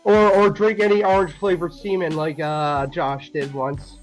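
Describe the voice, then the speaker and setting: A man's voice: on the high side, flat delivery, a little slow, soft background music, rough recording. A man telling gossipy stories in casual chat.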